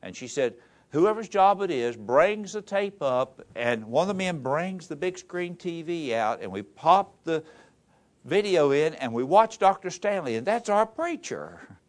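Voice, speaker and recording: A stubborn, plainspoken small-town church pianist with a drawl, put on by a man telling the story. She is flatly matter-of-fact, and the voice is pitched up and lively. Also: measured pace.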